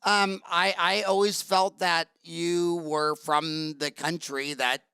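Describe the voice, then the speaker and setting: Give me a male podcast host with a high, gravelly voice, rambling and joking his way through questions. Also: slow, dry recording, clean studio sound. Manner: rambling, jokey, animated storyteller. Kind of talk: casual interview chat.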